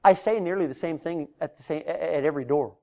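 A man preaching a sermon in a storytelling manner, acting out doorstep conversations and rising loud and high when he gets animated. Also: fast talker.

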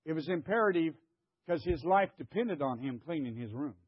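A man's voice: on the high side, expressive, moderate pace, slightly rough, no room sound, dull audio. An older man preaching a sermon, emphatic, stammering and repeating himself as he questions the congregation. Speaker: pastor.

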